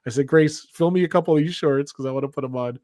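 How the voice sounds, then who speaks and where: A man's voice: fairly high pitch, quick pace, darkish tone, dry recording. Chatty guy cohosting a stream, laughs a lot, dry close sound. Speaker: podcast co-host. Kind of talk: casual livestream chat.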